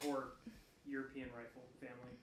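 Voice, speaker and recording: A man's voice: medium pitch, little pitch movement, brisk, echoey room, a little hiss or hum. A man in casual chat, teasing and playful in banter.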